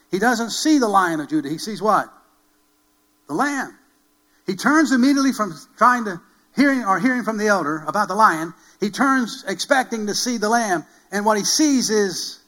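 Bright-voiced emphatic male pastor preaching. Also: high-pitched, poor audio. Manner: emphatic, repeats key phrases, builds to loud calls; rhetorical questions to the congregation. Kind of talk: sermon.

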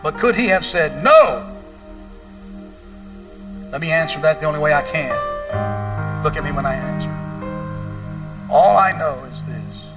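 A male pastor preaching a sermon, moving from quiet storytelling to loud, wailing emphasis. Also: fairly high pitch, expressive, unhurried, pauses often, distant mic, over music.

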